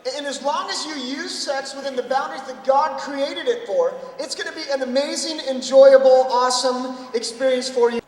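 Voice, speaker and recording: A man's voice: very high-pitched, moderate pace, few pauses. Distant man preaching in a hall. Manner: direct, checking in with "okay?". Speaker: youth speaker. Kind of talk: sermon to youth. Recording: distant mic in reverberant hall.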